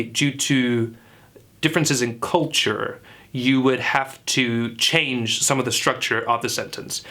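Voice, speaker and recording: A man as a clueless, bright-voiced dialect coach. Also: mid-range voice, close to an everyday voice. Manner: earnest, confident pseudo-expert lecturing. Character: self-assured clueless male dialect coach. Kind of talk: parody tutorial sketch.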